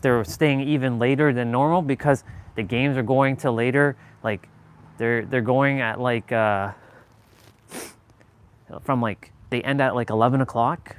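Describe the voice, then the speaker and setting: A man from Southern California hosting a livestream, chatting casually in a rambling way, full of fillers and casual swearing. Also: medium pitch. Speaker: livestream host. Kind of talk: casual chat. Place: indoors, away from the city he talks about.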